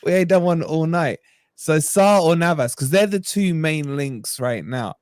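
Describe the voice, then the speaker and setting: An English man hosting a live fan stream, talking briskly to the chat over a remote call. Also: fairly high pitch, lively intonation, darkish tone, clean tone, no echo, studio quality. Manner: brisk, addresses the chat directly. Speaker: host running the stream. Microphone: remote call mic.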